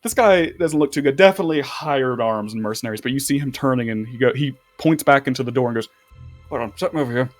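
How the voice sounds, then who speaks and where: A man runs a tabletop game as game master, describing scenes in a loose, chatty way. His pitch sits mid-range. Faint music plays underneath. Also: quick pace, hardly any pauses. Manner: chatty, loose, with restarts and laughter.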